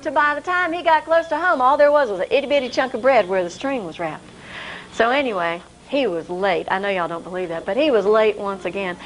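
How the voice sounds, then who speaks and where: Woman, storyteller, folksy, expressive, high-pitched. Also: fairly quick, slight background noise, poor audio. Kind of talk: live folk storytelling.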